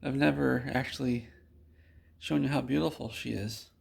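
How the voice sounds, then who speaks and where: A man telling an absurd tall tale to his viewers, deadpan and rambling with restarts. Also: medium pitch, moderate pace, vocal fry, husky. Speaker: video host.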